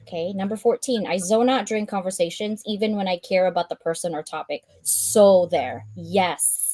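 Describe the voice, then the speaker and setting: A woman hosting a live stream, reading out a checklist and chatting in an animated way, laughing often and acting out her own thoughts. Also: medium pitch, normal speed, no room sound.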